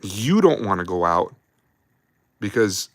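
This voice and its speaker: Low-voiced male host in his thirties, casual, profane, rambling army yarns, dry close sound. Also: sing-song, slow, dry recording. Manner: rambling, profane, laughs while telling stories. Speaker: livestream host telling army stories. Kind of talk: casual storytelling on a livestream.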